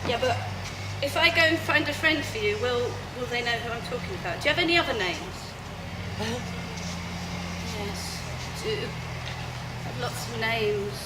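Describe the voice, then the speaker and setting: Calm, soft-spoken woman clown. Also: fairly high pitch, measured pace, pauses often. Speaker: clown performer. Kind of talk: live clown theatre. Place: festival marquee. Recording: echoey tent from far off, noisy.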